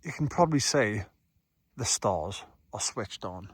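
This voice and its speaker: At night beside an outdoor campfire, a vlogger host in his thirties with a Geordie accent chats casually and swears freely for his camping vlog. He speaks a little slowly, with a lowish, expressive voice and a breathy edge.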